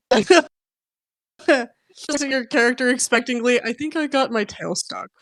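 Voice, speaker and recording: A woman's voice: on the high side, measured pace. A woman playing a tabletop role-playing game over an online call, giggly and playful. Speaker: player. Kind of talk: casual tabletop role-play.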